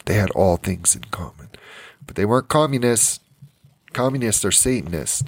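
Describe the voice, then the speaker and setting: A man's voice: lowish voice, lively intonation, normal speed, no echo. A man giving an informal Bible study sermon, passionate and emotional, teary and repeating phrases for emphasis. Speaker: Bible teacher.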